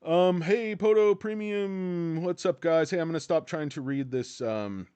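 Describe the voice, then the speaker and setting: A man's voice: fairly high pitch, measured pace, dark tone, clear, resonant tone, no room sound. A man hosting a casual stock-market livestream, rambling and joking as he talks straight to his chat.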